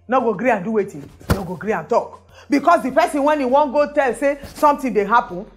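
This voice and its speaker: Host, female, Nigerian Pidgin accent, high and highly animated, emphatic commentary with rhetorical questions. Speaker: show host. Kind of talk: social commentary monologue.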